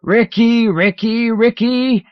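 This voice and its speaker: A man's voice: very high voice, steady tone, slow pace, clear, resonant tone, highs cut off, voice pushed up. A male narrator voicing a panicked man trapped in an alien body, screaming in terror. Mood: terrified shrieking.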